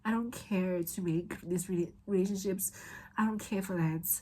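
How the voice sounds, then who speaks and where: A woman's voice: lowish voice, fairly even intonation, normal speed, a little mellow, rough recording. A young woman with a South African accent telling a candid, rambling personal story in a vlog, at times tearful. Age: young adult. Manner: candid, rambling, emotional, with many restarts. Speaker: vlogger.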